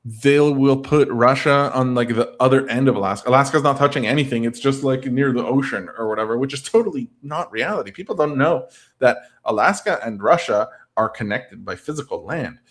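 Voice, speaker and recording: A man chatting loosely on a livestream in an everyday mid-pitched voice. His talk wanders and is padded with "like" and "I don't know". Now and then he answers comments from his viewers. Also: fairly quick. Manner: rambling, full of "like" and "I don't know". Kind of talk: casual livestream chat.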